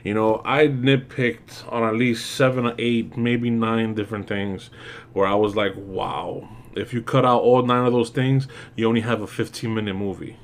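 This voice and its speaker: A man's voice: medium pitch, fairly even intonation, moderate pace. Exasperated man ranting in a review. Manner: ranting, exasperated, lots of fillers and swearing. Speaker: movie reviewer. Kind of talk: casual spoken movie review.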